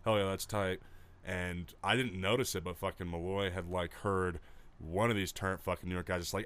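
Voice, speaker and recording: A man from Utah telling profane stories in a casual podcast chat, acting out quotes loudly. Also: deep voice, fairly even intonation, moderate pace, smooth, no echo. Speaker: podcast co-host.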